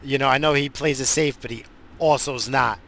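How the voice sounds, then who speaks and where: Brisk and fairly even in intonation, this American man's medium, somewhat bright voice carries a profane, fired-up rant. He hosts a radio show and rambles from his car, with a little noise behind him.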